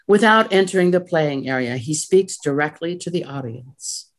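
A woman reading the stage directions of a play aloud in a plain, even way. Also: low voice, normal speed.

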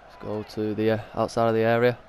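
A man's voice: lowish voice, monotone, fast talker, a little hiss or hum. A man giving casual commentary over a football video game, with many filler sounds and sudden angry outbursts at the referee. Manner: frequent filler sounds, swears and shouts at the referee. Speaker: gaming YouTuber.

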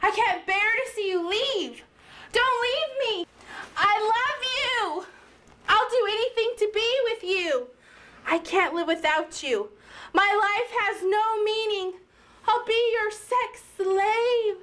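A woman's voice: high voice, big pitch swings, slow pace, fairly bright tone, exaggerated voice. A woman playing a gushing, overdramatic actress. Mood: melodramatic. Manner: gushing, theatrical delivery. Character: theatrical, overdramatic actress, clingy and melodramatic. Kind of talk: indie comedy drama acting.

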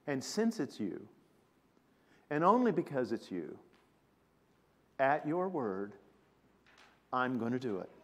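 A man preaching acts out a weary, exasperated fisherman who has worked all night, loud and pleading. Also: mid-range voice, big pitch swings, slow, long pauses, pitched below the performer's own voice. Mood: weary, resolved. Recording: long reverb of a church hall.

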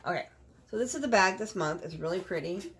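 A middle-aged woman chatting casually through a beauty unboxing, blunt and quick to cuss. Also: lowish voice, lively intonation. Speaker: beauty vlogger.

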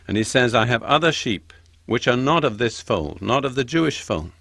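An older man giving a Bible teaching, slowing down to stress each quoted verse. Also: medium pitch, animated, gravelly, a bit bright, no room sound, studio quality. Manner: slows down and stresses quoted scripture. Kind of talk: sermon-style Bible teaching.

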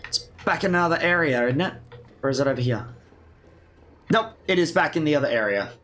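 Male let's-play commentator, higher voice, dry sarcasm, swears freely. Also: lively intonation, a little fast, a bit bright. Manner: sarcastic, self-mocking, swearing. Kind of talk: casual gameplay commentary.

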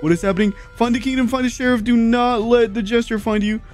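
A woman playing a video game with a friend, gasping and repeating herself in nervous excitement. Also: fairly high pitch, fast, over music. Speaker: gaming channel host. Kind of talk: excited let's-play commentary.

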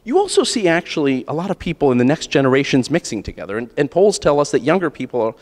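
A man's voice: fairly high pitch, big pitch swings, fast, a little mellow. An American man giving a keynote speech at a conference in an earnest, conversational way, often restarting phrases and adding "right?" asides. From United States. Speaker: keynote speaker. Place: large conference hall. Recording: long hall reverb.

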